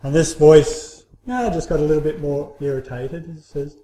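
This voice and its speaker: A man giving a children's story in church, talking informally with many pauses and restarts. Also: on the high side, dark tone. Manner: halting, many fillers and restarts. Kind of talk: informal sermon. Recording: roomy hall echo.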